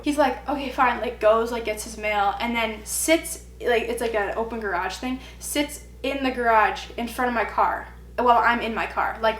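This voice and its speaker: A young woman in her twenties telling a personal story in a vlog, acting out the quoted lines with animated delivery. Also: a little high, moderate pace. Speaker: vlogger. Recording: echoey room with faint hum.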